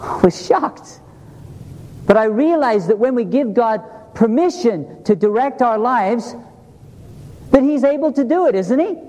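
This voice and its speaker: A man's voice: very high voice, expressive, normal speed, dark tone. A middle-aged man preaching a sermon in a church, earnest, asking the congregation questions as he talks. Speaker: pastor. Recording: long hall reverb.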